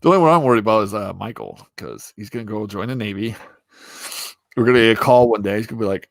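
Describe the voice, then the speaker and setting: A man's voice: lowish voice, fast talker, creaky, no room sound. A man hosting a casual chat with friends, crude and teasing, who laughs a lot and acts out mocking voices. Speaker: streamer host.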